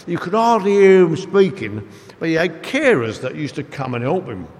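A man preaching a sermon, telling stories in an animated, emphatic way. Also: fairly high pitch, normal speed. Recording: echoey hall with long reverb.

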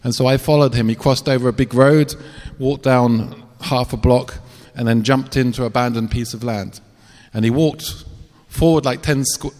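A man's voice: mid-range voice, darkish tone. Brief: man, missionary preacher, earnest testimony, reverberant hall. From England. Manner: storytelling, earnest, with self-deprecating asides. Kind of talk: personal testimony sermon.

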